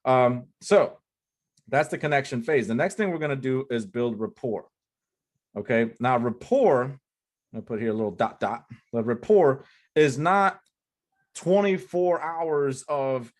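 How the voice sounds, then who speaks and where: A man gives a casual whiteboard lesson on online selling. His delivery is loose and chatty, with a mid-pitched voice and constant "like" and "right?" tags. He drives points home by repeating key phrases. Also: lively intonation, moderate pace. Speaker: online marketing coach.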